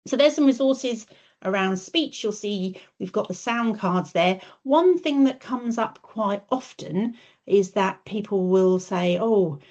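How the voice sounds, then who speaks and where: A woman's voice: mid-range voice, animated, a little slow, darkish tone. A woman speech and language therapist giving a webinar, explaining step by step with frequent ums and modelling sounds in a sing-song voice. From United Kingdom. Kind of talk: webinar presentation. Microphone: video call. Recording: dull lo-fi webinar audio.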